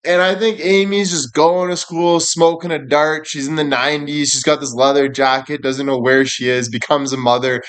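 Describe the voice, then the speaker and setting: A man's voice: fairly high pitch, flat delivery, moderate pace, few pauses, a bit bright, smooth. A young man hosting a casual livestream, rambling and joking crudely. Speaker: livestream host.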